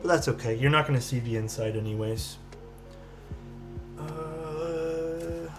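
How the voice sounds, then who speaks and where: A man with a fairly high, flat voice speaks slowly over music, pausing often, as he assembles a keyboard on a livestream. He chats casually, thinks out loud, answers viewers, and occasionally drifts off-mic hunting for parts.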